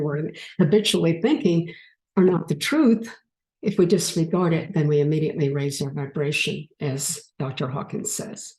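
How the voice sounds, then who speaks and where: Slow, mellow woman in an echoey room. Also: on the low side. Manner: unhurried, gently coaxing, talks to the audience. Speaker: speaker leading a group exercise. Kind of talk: spiritual talk with guided exercise.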